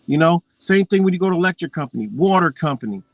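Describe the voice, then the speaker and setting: A man in a heated, rambling live-stream rant, his talk full of swearing. His voice sits fairly high for a man. The sound is close and dry, with no room echo. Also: expressive, fast.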